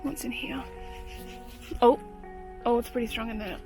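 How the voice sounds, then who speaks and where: A high, bright-pitched woman chats and exclaims to her viewers as she wanders an overgrown graveyard in the rain, a bit out of breath. Soft music plays underneath. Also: fairly even intonation, moderate pace, rough recording. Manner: chatty, exclamatory, talks to viewers. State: out of breath while walking. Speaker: cryptid-hunting vlogger. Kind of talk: casual vlog commentary while exploring. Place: overgrown cemetery outdoors in the rain.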